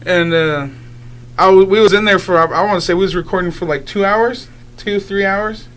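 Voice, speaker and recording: A man's voice: sits high, normal speed, fairly bright tone. A young man, a guest singer, talking casually in a radio interview, rambling with lots of filler words and easy laughs. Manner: rambling, many filler likes, laughs easily.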